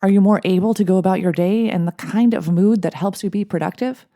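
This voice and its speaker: A woman in her forties, a life coach and therapist, speaking in a gentle, encouraging podcast monologue. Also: medium pitch, fairly quick. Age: 40s. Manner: gentle, encouraging, with light laughs.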